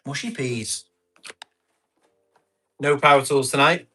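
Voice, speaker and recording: This man's voice is medium in pitch, slow, husky and sharp-toned as he hosts a live tool auction. In a casual selling chat for his stream, he reads bids and comments aloud and laughs a lot.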